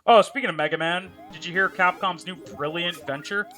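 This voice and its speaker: A man's voice: high-pitched, brisk, sharp tone, faint music behind. A man streaming a game live, chatting casually in a profane, joking, rambling way. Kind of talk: casual chat while playing a game live.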